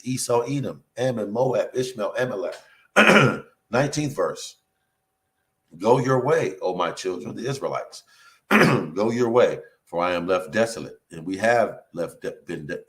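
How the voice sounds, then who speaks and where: A man preaching a sermon, reading scripture verse by verse and breaking in with emphatic remarks of his own. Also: on the low side. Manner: emphatic, interjects remarks between quoted verses.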